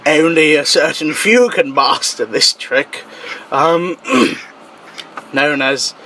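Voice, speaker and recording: A male talk show host in loose, casual chat who jokes, swears and laughs a lot. He speaks slowly in a fairly high voice, with faint noise behind him. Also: pushed and bright, rough recording. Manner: jokey, swears freely, laughs often.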